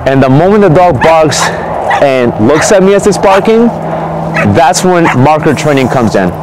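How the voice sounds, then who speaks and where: A man, a dog trainer, explaining a technique in relaxed, conversational talk, often checking in with "okay?". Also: on the high side, normal speed, background noise. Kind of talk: casual instructional talk.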